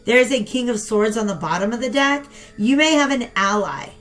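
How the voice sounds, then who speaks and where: A young woman giving a casual tarot reading and talking straight to her viewers in a chatty, animated way. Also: a little high, normal speed. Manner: chatty and animated, talks to viewers as "you guys". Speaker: tarot reader.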